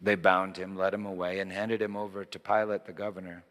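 A man preaching a sermon, reading scripture dramatically, rising loud and high in quoted lines and dropping to a hush in tender ones. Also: flat delivery, a little fast. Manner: dramatic scripture reading, swelling then hushed. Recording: long hall reverb.

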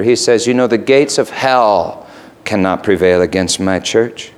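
A man's voice: medium pitch, smooth. A man preaching a sermon in a conversational way that rises to emphatic peaks.

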